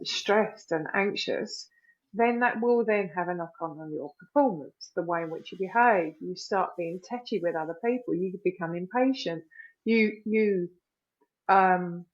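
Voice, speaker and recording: Middle-aged lady chatting on a podcast, animated, lots of you know, kinda muffled lo-fi audio. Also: mid-range voice. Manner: animated, acts out quoted phrases, many "you know" fillers. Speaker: guest. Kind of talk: candid podcast conversation.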